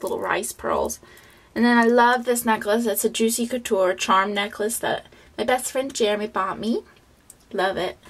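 A woman vlogger chatting casually through a closet tour, filling pauses with ums and likes. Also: fairly high pitch. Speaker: beauty vlogger. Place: at home by her closet.

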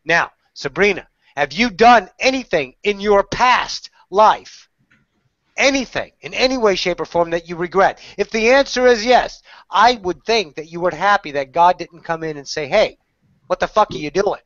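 Over webinar call audio, a woman delivers channeled spiritual teachings in a preachy way, asking rhetorical questions and addressing the listener as "darling." Her mid-range voice has lively intonation, a moderate pace, and a fairly bright tone. There's no room sound, though the webinar audio is slightly dull.

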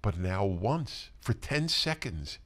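An older man co-hosting a talk show, telling stories in an animated way with frequent restarts and repeated words. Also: lowish voice, takes it slowly. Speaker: co-host. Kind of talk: casual conversational talk show.

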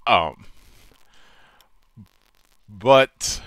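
A man's voice: extremely slow, fairly bright tone, no room sound. A man hosting a casual gaming podcast, theatrical and profane, rambling through his thoughts with frequent restarts. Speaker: podcast host. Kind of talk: casual chat.

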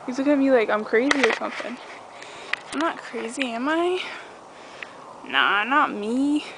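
Rambling and giggly, a young vlogger chats casually from her backyard trampoline in a high-pitched, animated voice at a moderate pace. A dog barks close by amid the outdoor ambience, captured as noisy camcorder audio.

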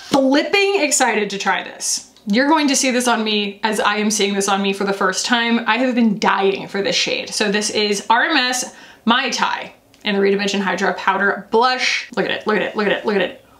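A woman chatting casually as a beauty vlogger, animated and often laughing, alone in a room talking to a camera. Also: a little high, reverberant. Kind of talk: casual makeup review vlog.

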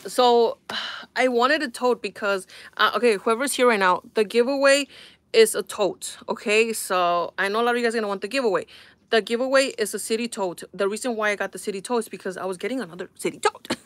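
Young woman, live-stream host, bit high-pitched, exasperated and chatty with viewers. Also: fairly quick. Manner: exasperated, animated, talks to viewers. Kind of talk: casual live-stream chat.

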